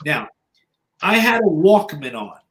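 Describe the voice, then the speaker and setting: A man's voice: on the high side, sing-song, unhurried, fairly bright tone. A man in his sixties, a podcast guest, telling stories in a blunt, profane way, full of "you know" fillers and acting out other people's lines. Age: 60s. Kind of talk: casual storytelling.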